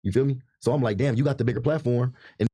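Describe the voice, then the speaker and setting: Fast-talking husky man in his thirties. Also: mid-range voice, no room sound. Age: 30s. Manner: rapid, repetitive, animated storytelling. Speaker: podcast guest. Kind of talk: heated casual talk.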